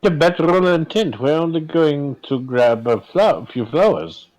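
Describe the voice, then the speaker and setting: A man's voice: a little high, lively intonation, unhurried, crowd noise, poor audio. A man playing in a tabletop game, joking and stammering as he talks. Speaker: player.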